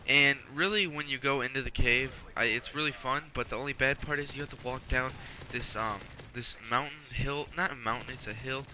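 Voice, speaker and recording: Brief: male gaming host, casual rambling vlog chat, very bright voice. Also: medium pitch, slight background noise, rough recording. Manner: rambling, many fillers and self-corrections.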